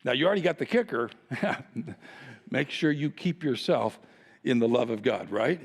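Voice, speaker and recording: A man's voice: mid-range voice, animated, a little slow, slightly rough, big-room sound. A male pastor preaching a sermon, teasing his congregation with playful rhetorical questions.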